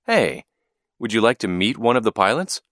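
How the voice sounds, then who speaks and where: A man's voice: fairly low pitch, big pitch swings, normal speed, no echo, studio quality. A man voicing a cheerful, encouraging father. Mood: kindly. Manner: warm, encouraging.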